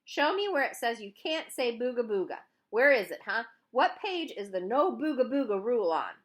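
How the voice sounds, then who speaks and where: A woman voicing a pushy male youth baseball coach who makes loud demands. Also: fairly high pitch, sing-song, normal speed, voice pushed up. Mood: demanding.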